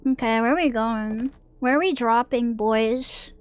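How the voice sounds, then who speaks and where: Woman, VTuber streamer, high voice, casual game commentary, jumpy, swears, jokes with chat. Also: measured pace, hardly any pauses, faint music behind.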